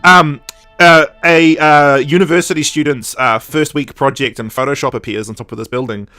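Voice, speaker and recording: Podcast co-host, male, bright and slightly high, sarcastic recapper, dry close-miked sound. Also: fairly even intonation, no room sound. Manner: sarcastic, jokey, recaps scenes with quick put-on voices. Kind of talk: casual chat.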